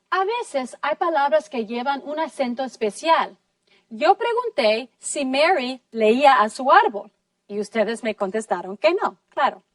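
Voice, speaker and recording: A woman teaching a class, slowly and clearly modeling sentences and praising her students. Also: high voice, dry recording, recorded from a distance. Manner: slow, deliberate, encouraging, models sentences clearly. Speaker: English teacher. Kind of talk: classroom lesson in two languages.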